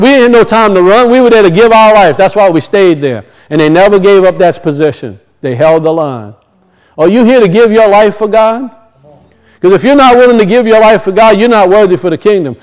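Male preacher, very high voice, impassioned sermon delivery, repeats his points, swings between loud and hushed. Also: lively intonation, normal speed, smooth, low-quality recording. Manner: impassioned, repetitive, rising and falling emphasis. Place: church.

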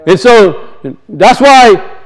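Male preacher, very high voice, impassioned sermon delivery, repeats his points, swings between loud and hushed. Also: lively intonation, drawn-out words, poor audio. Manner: impassioned, repetitive, rising and falling emphasis. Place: church.

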